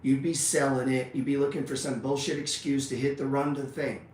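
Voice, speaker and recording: A blunt, profane man hosts a trading show and gives an unscripted motivational talk, ending sentence after sentence with "man." His voice sits at an ordinary middle pitch. The room is echoey, with a faint hum of ambient noise behind him. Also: flat delivery, brisk, darkish tone.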